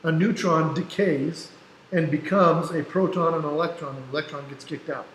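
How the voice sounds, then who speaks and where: Male teacher, slightly high voice, casual classroom lecture, step-by-step explaining, echoey room. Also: steady tone, moderate pace, a bit bright. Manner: explains step by step, checks in with "right?"; casual, self-deprecating asides. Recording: echoey room, faint background noise.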